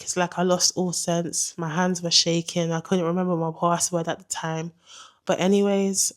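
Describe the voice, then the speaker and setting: A young woman telling a dramatic story in an animated, slangy way. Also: fairly low pitch. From England. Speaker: vlogger. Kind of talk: storytime narration.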